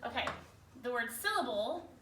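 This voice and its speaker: A woman teacher leading a spelling lesson for a class, energetic, often stopping to check in with questions. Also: on the high side, normal speed, slight background noise. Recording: echoey room, far from the mic.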